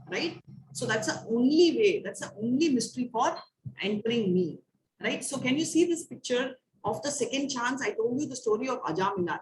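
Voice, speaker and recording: A woman with an Indian English accent leads an online scripture class in a fairly high voice. She explains patiently and keeps checking in with "right?" The mic sits a little away from her, with a faint hiss underneath. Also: recorded from a distance. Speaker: spiritual teacher.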